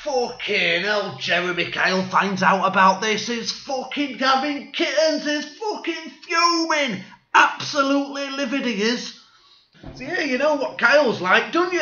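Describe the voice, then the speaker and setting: A man's voice: very high-pitched, measured pace, pushed and bright. A man delivering a sarcastic, swearing satirical rant. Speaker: vlogger. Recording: echoey room, dull lo-fi sound.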